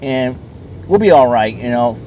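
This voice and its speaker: A man's voice: medium pitch, expressive, moderate pace, dark tone, a little hiss or hum. A man chatting casually while sitting in his car at a mall, rambling along with lots of fillers. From southern New England. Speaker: vlogger. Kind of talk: casual chat.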